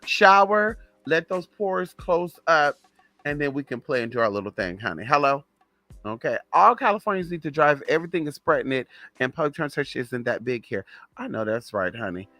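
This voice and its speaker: A young man from the Southern US, hosting a casual live stream, who talks in a sassy, flamboyant way, calls his viewers honey and drops into low muttered asides. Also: very animated, brisk, sharp tone, dry recording.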